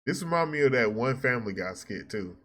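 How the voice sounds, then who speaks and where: A man's voice: medium pitch, expressive, brisk, sharp tone. A man giving casual reaction commentary with blunt jokes. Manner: blunt, joking asides. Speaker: reaction host.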